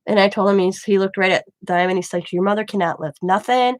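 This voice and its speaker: A woman's voice: medium pitch, fast, no echo. A middle-aged woman, host of a craft channel, casually telling a rambling personal story and acting out the dialogue as she goes. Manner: rambling, animated retelling with quoted dialogue.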